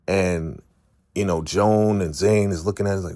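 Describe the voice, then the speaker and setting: A man with a very deep, low voice runs through a casual recap of a TV episode. He retells the scenes with animated energy and slips into quick impressions of the characters' lines. The sound is dry and close, with no room echo. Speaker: TV recap host.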